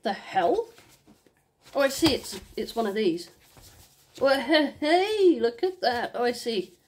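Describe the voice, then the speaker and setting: A woman's voice: a little high, expressive, slow, slight background noise. Rambling Northern English woman. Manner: rambling, chatty, talks to herself. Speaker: vinyl unboxing vlogger. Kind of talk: casual unboxing chat.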